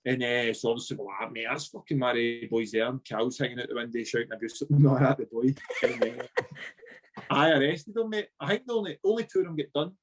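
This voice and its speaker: A man with a Scottish accent, a podcast guest, telling a sweary anecdote in a lively way and acting out the other people's lines. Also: mid-range voice, a little fast, rough recording. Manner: animated anecdote-telling, sweary, acts out dialogue. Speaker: podcast guest, former footballer. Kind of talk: casual storytelling chat.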